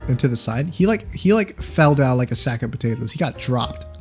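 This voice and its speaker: A man's voice: medium pitch, lively intonation, a little fast, darkish tone, soft background music. A young man co-hosting a podcast in casual chat, rambling and restarting his sentences. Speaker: podcast co-host.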